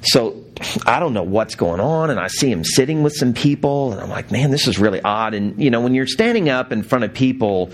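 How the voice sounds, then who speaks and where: A man's voice: medium pitch, animated, a little fast. A man preaching a sermon, telling stories with laughs and acting out quotes. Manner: storytelling with laughs and acted quotes. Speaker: pastor.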